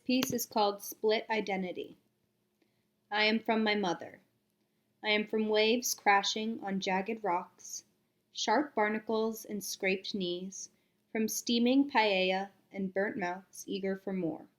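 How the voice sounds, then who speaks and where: Young woman reading her poem out loud, steady and rhythmic, plain middle voice. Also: medium pitch. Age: young adult. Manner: measured, rhythmic poetry reading. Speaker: student poet.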